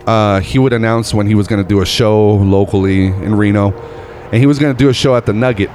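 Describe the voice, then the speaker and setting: Laid-back low-voiced comedian telling stories. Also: male voice, a little fast, slight background noise. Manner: animated, laughs at his own stories, says bro and dude. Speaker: comedian guest. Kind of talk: casual storytelling.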